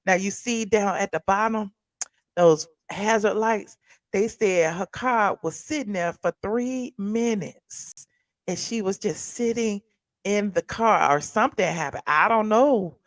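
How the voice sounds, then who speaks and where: A woman's voice: medium pitch, a little slow, no room sound, studio quality. A woman hosting a casual commentary show, chatting loosely and reacting to viewers and a video as she talks. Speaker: host of a pop culture commentary channel.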